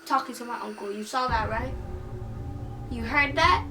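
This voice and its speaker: A woman telling a personal scary story for a class assignment in a dramatic, animated way, acting out her own lines. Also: a little high, normal speed. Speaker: student storyteller. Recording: distant voice with music behind.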